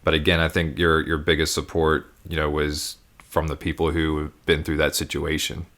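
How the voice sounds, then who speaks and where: A man in his thirties co-hosting a podcast, talking supportively with frequent halting restarts. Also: rumbling low, completely flat delivery, fairly bright tone. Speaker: podcast co-host. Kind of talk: casual chat.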